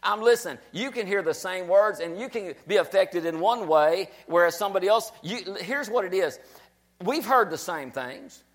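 A man's voice: sits high, lively intonation, normal speed, fairly bright tone. A man preaching a sermon, emphatic and repetitive, urging his listeners on. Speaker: pastor.

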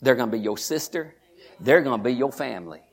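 A man preaching a sermon in church, moving from quiet asides to shouted, high-pitched storytelling. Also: lively intonation, brisk. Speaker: pastor.

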